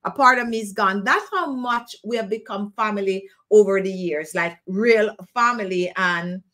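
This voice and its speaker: A woman's voice: mid-range voice, normal speed, bright, forceful tone. A woman with a Jamaican accent hosting a casual live show, talking in an earnest, encouraging way and repeating phrases for emphasis. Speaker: host of a skincare live show. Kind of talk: casual live-stream chat.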